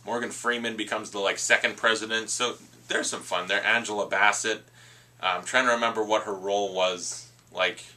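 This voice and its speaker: A man's voice: fairly low pitch, steady tone, pushed and bright. A man giving a casual, rambling movie review full of asides. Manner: chatty, rambling with asides and quick impressions.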